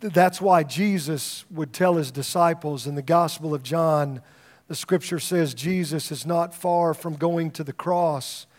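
A man's voice: on the high side, measured pace, darkish tone. Conversational man preaching a sermon. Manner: conversational storytelling, repeats words when starting. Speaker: pastor.

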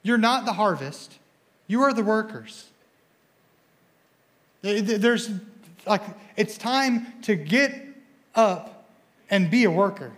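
Here a young man acting as student pastor gives a sermon in a church, stumbling and repeating words in his energetic, excitable delivery. His voice sits high, and he speaks at a slow pace with long pauses.

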